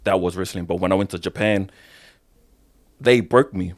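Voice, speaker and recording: Kiwi guy w a lowish voice, wrestler on a podcast, super casual, lots of bro and swearing. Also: normal speed. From New Zealand. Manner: loose slangy talk, swears often, says "bro". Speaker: professional wrestler, podcast guest. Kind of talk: casual interview storytelling.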